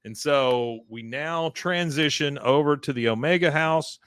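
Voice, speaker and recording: A man's voice: on the high side, a little slow, a bit bright, clear, resonant tone, no echo. A man hosting a podcast, casually recapping a cartoon episode in a chatty way, with fillers. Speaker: podcast host.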